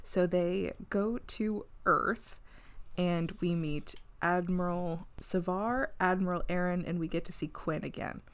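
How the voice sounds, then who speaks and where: Woman podcast host, casual recap, slightly low voice, laughs a lot. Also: steady tone, a little slow, clean tone. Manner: chatty, laughs often, many fillers.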